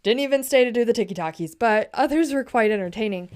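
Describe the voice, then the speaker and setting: Chatty young woman, smooth higher voice. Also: fast, a little mellow. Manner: chatty, indignant, slangy storytelling; keeps her voice down. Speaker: vlogger. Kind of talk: casual late-night chat.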